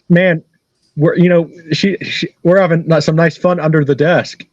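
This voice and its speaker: A man's voice: on the high side, steady tone, moderate pace, no room sound. A man telling casual stories as an interview guest, rambling, repeating phrases and laughing at his own tales. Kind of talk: casual storytelling. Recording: dull lo-fi dry recording.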